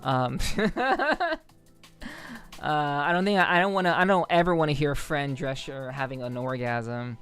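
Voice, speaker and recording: A woman from the New York City area talks loosely to her livestream chat, wandering from thought to thought and swearing freely. Her voice is smooth and clear, broken up by frequent ums and quick laughs. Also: low voice, animated, fairly bright tone, faint music behind. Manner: rambling, profane, full of ums and laughs. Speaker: streamer. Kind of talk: casual livestream chat with viewers.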